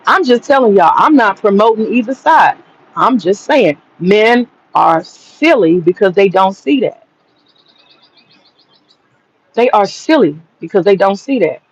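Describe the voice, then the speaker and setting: Gravelly high-voiced man ranting. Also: lively intonation, unhurried, muffled recording. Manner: blunt, profane, mocking. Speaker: online commentary host. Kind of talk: casual commentary monologue.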